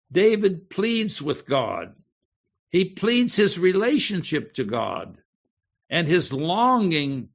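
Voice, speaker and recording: A man delivers a sermon at an unhurried, measured pace. His voice sits a little higher than most men's. He explains each point carefully and keeps checking that his listeners are following. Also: gravelly, fairly bright tone. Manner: slow, deliberate teaching with frequent "okay?" check-ins. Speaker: pastor.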